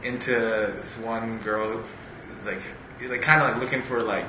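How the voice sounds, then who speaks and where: In a casual chat, a man with a lowish, unhurried voice rambles about a book, using lots of fillers and reading passages aloud. The recording sounds like an echoey room with steady background noise.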